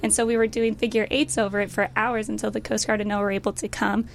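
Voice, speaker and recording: Woman, young, hoarse, upbeat, laughs often, faint noise behind. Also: mid-range voice, level tone, fast talker. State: hoarse, losing her voice. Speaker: guest pilot. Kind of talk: casual interview chat.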